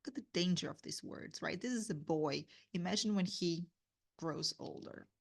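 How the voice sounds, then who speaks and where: A woman teaches a guided reading lesson on a classic novel. She talks in a fairly low voice, thinking aloud with fillers and frequent checks on her listeners. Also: moderate pace, gravelly, breathy edge. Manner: explains with fillers and rhetorical "right?". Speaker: literature teacher.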